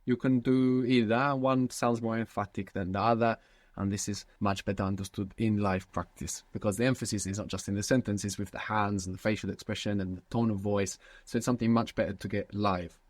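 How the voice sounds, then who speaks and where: Male teacher, low-pitched, patient questioning, dry close sound. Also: steady tone, fairly quick, no echo. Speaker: language teacher. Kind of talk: guided language lesson.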